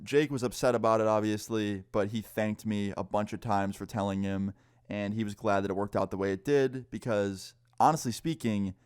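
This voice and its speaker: A young man casually telling a story time, animated and swearing, acting out what people said. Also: lowish voice, clear, resonant tone, no echo, clean studio sound. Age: young adult. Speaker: storyteller vlogger.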